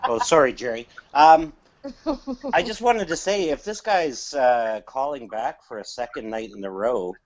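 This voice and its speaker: A man's voice: medium pitch, expressive, unhurried. A man who is a regular on a chat show, teasing the hosts with dry sarcasm. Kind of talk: casual chat. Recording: dull lo-fi recording.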